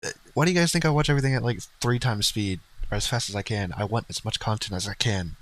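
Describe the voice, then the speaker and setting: A man's voice: fairly low pitch, fast, fairly bright tone, rough recording. A man co-hosting a livestream in casual, rambling chat, blunt and profane, laughing now and then. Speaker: streamer co-host.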